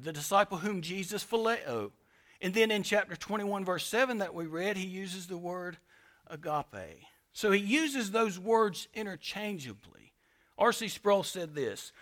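A man delivers a sermon from the pulpit as pastor. His voice sits high and bright. He drives his points with emphatic bursts, then drops to quiet, weighty lines. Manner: emphatic preaching with sharp swings in loudness. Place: church sanctuary.

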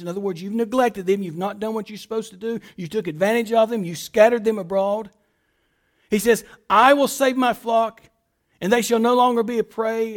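A man with a strikingly high voice delivers a sermon as a pastor. He reads scripture passages aloud and explains them emphatically, posing rhetorical questions. His phrases often sink to a hushed close.

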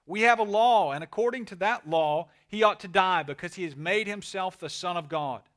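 Man reading a demanding crowd of priests: loud, forceful, raised in pitch. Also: normal speed. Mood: insistent. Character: angry crowd of priests, men.

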